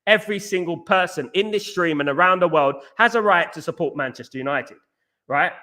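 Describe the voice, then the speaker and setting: Here a London football fan livestream host talks briskly through viewer comments in a loose, repetitive style packed with fillers and false starts. He sounds bright and forceful, pitched slightly high for a man, and gets combative when he disagrees.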